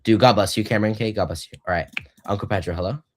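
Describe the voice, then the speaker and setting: Deep-voiced teen boy hosting a stream. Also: a little hiss or hum. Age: teens. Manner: halting, many fillers and restarts. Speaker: debate host. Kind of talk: casual live-stream debate hosting.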